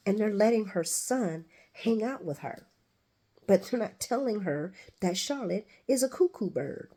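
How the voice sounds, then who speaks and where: A woman's voice: medium pitch, animated, a little slow, warm tone, husky. A woman giving a blunt, casual recap of a soap opera, talking back at the characters and swearing freely.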